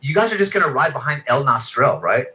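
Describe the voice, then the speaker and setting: A man hosting a podcast, loudly and aggressively insulting others in a heated argument. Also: mid-range voice, sing-song, fast, a crowd in the background. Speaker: podcast host.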